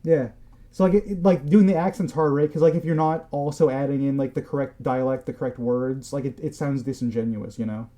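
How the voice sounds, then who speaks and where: Dark-voiced man, teasing casual chat. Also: medium pitch, fairly even intonation, brisk. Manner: joking, teasing, loose and rambling. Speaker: podcast co-host.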